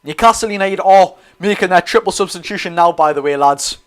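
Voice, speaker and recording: A man's voice: high-pitched, brisk. A young Geordie man giving chatty live commentary on a football match and answering his viewers' chat. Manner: chatty, reads out live chat and reacts to play. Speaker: football watch-along streamer.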